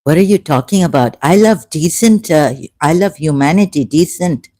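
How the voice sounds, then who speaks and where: A woman YouTuber giving live-stream commentary on her chat. She speaks haltingly with many fillers and an indignant edge. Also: deep voice, expressive, dark tone.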